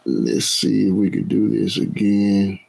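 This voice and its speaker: Slow, unhurried man hosting a casual live chat, greeting his viewers one by one and repeating himself. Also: lowish voice, creaky, a little mellow, poor audio. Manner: repeats phrases over and over. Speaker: cooking channel host.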